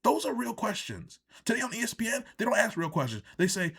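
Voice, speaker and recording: Brief: male reviewer, exasperated and profane ranting commentary, slightly high voice that swings widely. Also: sing-song, brisk, vocal fry, fairly bright tone, slightly rough. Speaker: wrestling show reviewer.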